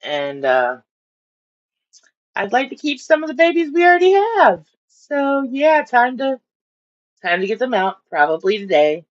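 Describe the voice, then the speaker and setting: A woman with a highish, sing-song voice talks a little slowly on a home live stream about her fish tanks, rambling casually and giving her fish silly voices. The stream audio is dull and lo-fi.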